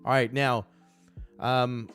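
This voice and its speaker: A man's voice: medium pitch, flat delivery, takes it slowly, fairly bright tone, clear, resonant tone, faint music behind. A man hosting a live stream as game master, chatting casually and thinking aloud while explaining his process.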